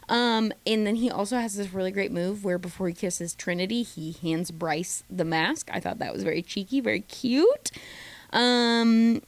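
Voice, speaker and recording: A chatty woman recaps a reality dating show, gossiping and dropping into quick impressions of the cast. Her voice has a gravelly, fry-tinged edge at a middle pitch. The sound is dry and close, with little room around it. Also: no echo. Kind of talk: casual recap commentary.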